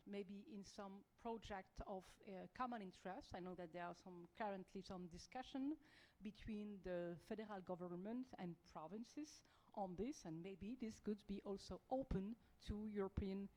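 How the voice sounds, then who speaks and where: A woman with a French accent speaks on a policy panel. Her delivery is halting, full of fillers and restarts. Her voice sits at an ordinary middle pitch. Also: a little mellow, poor audio. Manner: hesitant, many fillers and restarts. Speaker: panelist, EU diplomat. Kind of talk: panel discussion.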